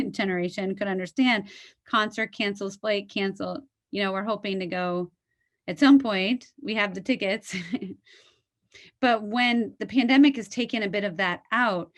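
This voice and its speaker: A middle-aged American woman, a psychologist, giving a webinar lecture over a video call, talking with lively storytelling, many "um"s and "like"s, and some laughter. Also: mid-range voice. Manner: animated storytelling with frequent "like" and "um", laughs.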